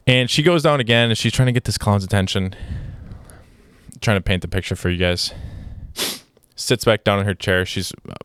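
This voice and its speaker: A man's voice: fairly low pitch, a bit bright, clean tone, dry recording, clean studio sound. A young man hosting a podcast, telling a story in a casual, rambling way with many restarts, sounding exasperated. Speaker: podcast host.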